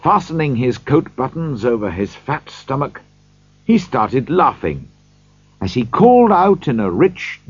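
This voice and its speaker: A man reads a storybook aloud slowly and with great expression, his pitch swinging widely and his voice slightly husky. The recording is dry, dull and lo-fi, with no echo.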